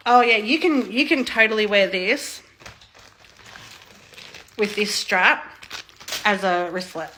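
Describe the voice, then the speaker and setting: A woman in her thirties from Australia, casually unboxing on her vlog, excitable and gushing, swearing freely. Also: a little high, slow pace, pauses often, slight background noise. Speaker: vlogger.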